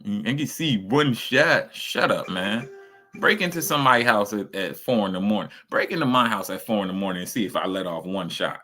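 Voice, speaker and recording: A man's voice: on the low side, expressive, a little fast, bright, forceful tone, soft background music. A man streaming casual reaction commentary, ranting emphatically and swearing a lot.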